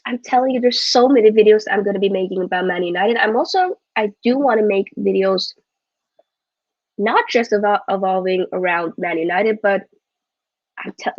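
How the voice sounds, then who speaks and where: A woman with a medium-pitched voice hosts a live football watchalong, chatting casually, rambling, and often correcting herself mid-sentence. The football vlogger's recording is muffled but has no echo.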